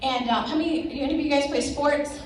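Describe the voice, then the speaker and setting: A woman rallies a crowd from a stage, her voice high and emphatic as she urges them on. She is heard from a distance, with heavy echo filling the big hall and a faint hum of room noise behind her. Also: steady tone, a little fast. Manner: rallying, emphatic, addresses crowd directly. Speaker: motivational speaker at a sales event. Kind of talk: motivational stage speech. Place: large event hall. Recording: echoey hall recorded from far off.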